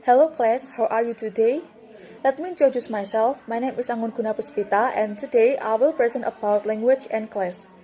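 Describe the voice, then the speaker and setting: A woman's voice: on the high side, fairly quick, dark tone, low-quality recording. Young woman reading a class presentation. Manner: reads steadily, with slips and restarts. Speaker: student presenter.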